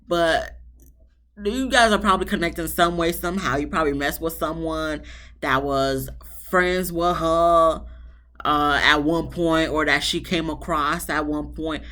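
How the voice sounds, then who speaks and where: Blunt, sassy woman reviewing a show. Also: deep voice. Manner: blunt, animated, sassy with swearing and asides. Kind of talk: casual review monologue.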